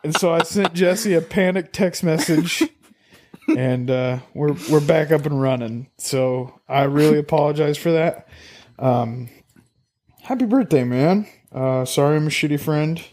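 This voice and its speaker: A man with a fairly high voice talks slowly and loosely on a remote podcast call. He laughs a lot and pokes fun at himself. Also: a little mellow. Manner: laughs a lot, self-deprecating. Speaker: podcast co-host. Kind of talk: casual podcast chat.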